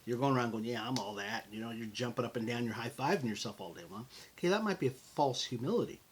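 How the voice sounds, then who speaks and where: A middle-aged American man hosting a motivational podcast, talking in an animated, conversational way and calling his listeners folks. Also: medium pitch, fast, slight background noise. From United States. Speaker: podcast host.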